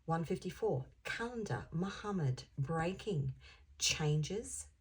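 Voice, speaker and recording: Low, husky-voiced woman giving a tarot reading. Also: animated, slow pace. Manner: chatty and rambling, drops into whispers to stress points. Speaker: intuitive tarot reader. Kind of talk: channeled tarot reading to camera.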